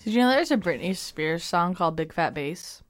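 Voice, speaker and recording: A woman co-hosting a podcast, chiming in with quick, playful casual remarks. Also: on the low side, expressive, dry recording, studio quality. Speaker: podcast co-host. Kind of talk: casual chat.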